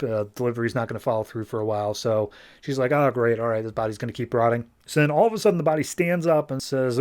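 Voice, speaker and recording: A male podcast host walks through a comic book issue in a casual, meandering recap, with plenty of fillers and restarts. His voice sits at an ordinary middle pitch for a man. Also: darkish tone. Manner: loose and rambling, many fillers; briefly shifts pitch for quoted characters.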